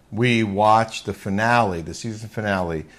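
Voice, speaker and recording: A man's voice: lowish voice, unhurried, fairly bright tone. A man co-hosting a podcast, chatting in an easygoing, agreeable way. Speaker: co-host. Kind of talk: casual podcast chat.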